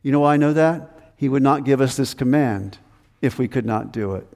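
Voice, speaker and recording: A man's voice: mid-range voice, normal speed, creaky, a little mellow, long reverb tail. A man preaching a sermon as pastor, earnest and emphatic, repeating his commands.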